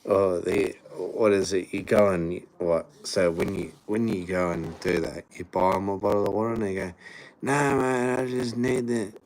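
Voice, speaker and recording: Male streamer, low voice, relaxed laughing banter, light background hiss. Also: moderate pace, hardly any pauses. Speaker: live streamer. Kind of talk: casual live-stream chat.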